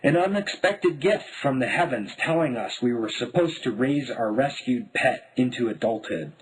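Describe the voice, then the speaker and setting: A man from Denver narrating his own memoir in a wry, deadpan voice. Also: medium pitch, normal speed, breathy edge, low-quality recording. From Denver, United States. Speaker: memoir author.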